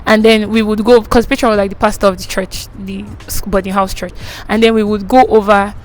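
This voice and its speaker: A woman's voice: mid-range voice, level tone, a little fast, slight background noise, low-quality recording. A young woman from Nigeria with a Nigerian accent, telling a dramatic school story to her channel viewers. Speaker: vlogger. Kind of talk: storytime vlog.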